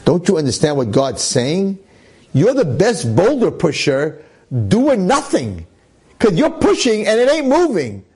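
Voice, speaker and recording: A scornful male devil taunting a simple man in a spoken story, as a male rabbi puts him on. The voice is husky and swoops with contempt, rising sharply on insults. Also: high voice, wildly swooping pitch, measured pace, a little mellow, pitched above the performer's own voice, full character voice, low-quality recording. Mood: mocking. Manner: sneering, mocking. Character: scornful male Satan, mocking tempter.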